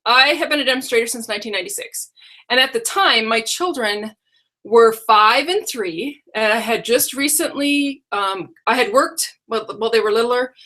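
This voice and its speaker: A middle-aged woman hosts a casual live stream from her computer mic. Her voice sits a little high and comes across bright and forceful, and she chats in a rambling way, often stopping to correct herself. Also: normal speed. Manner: chatty and rambling, with many self-corrections. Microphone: computer microphone.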